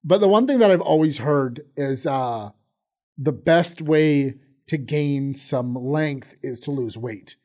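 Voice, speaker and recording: A man's voice: medium pitch, slow, darkish tone. A young man co-hosting a podcast in casual chat, profane and loose, often trailing off and restarting his sentences. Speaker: podcast co-host.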